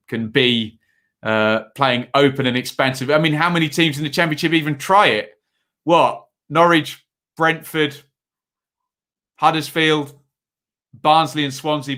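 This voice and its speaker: A man's voice: mid-range voice, pushed and bright. A man hosting a casual football preview livestream, chatty and reading viewer comments aloud with lots of filler words.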